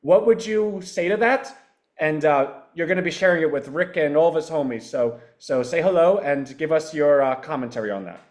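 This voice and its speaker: A man with a slightly raised pitch talks in quick, rambling bursts, loose and self-deprecating. He is a founder pitching an AI product during a casual live stream. His phrasing is full of restarts and side comments.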